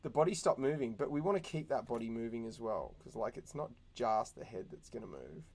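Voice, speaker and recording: A young man teaching animation in a casual, chatty way, thinking out loud and making little sound effects as he works. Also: mid-range voice, sing-song, brisk. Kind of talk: casual screen-recorded tutorial.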